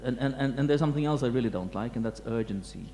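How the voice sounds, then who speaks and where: Man lecturing, thoughtful and halting, warm low tone, recorded in a reverberant hall with light hum. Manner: halting, many restarts and fillers, reflective. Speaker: museum curator giving a talk. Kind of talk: lecture talk to an audience. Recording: echoey hall with faint hum.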